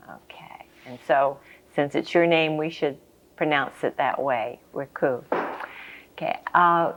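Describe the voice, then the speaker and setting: A woman interviewer gently prompting her guest with questions for an oral history. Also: low-pitched, measured pace.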